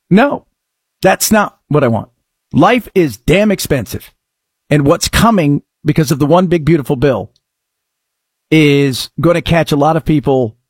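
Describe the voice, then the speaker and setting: A man's voice: high voice, husky, no echo, studio quality. A middle-aged man hosting a talk-radio show, delivering a sarcastic, opinionated monologue that swings between mutters and outbursts.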